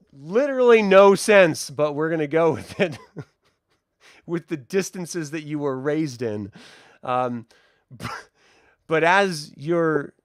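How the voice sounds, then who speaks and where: A man narrating a tabletop game as game master in a slow, descriptive way. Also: mid-range voice, no room sound, clean studio sound. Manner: slow, descriptive, with hedging "sort of".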